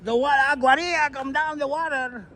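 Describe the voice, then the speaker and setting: A man putting on a loud Bronx super with a Puerto Rican accent. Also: very high voice, steady tone, brisk, voice pushed up. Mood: boisterous. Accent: Puerto Rican put-on. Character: male Bronx building super, brash and loud. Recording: noisy city street.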